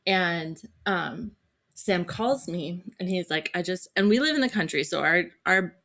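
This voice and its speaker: A woman in her thirties with a fairly low voice tells a family story in animated style. She slips into quick character voices for the people in the tale. Her delivery is casual and chatty. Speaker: podcast host. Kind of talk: casual chat.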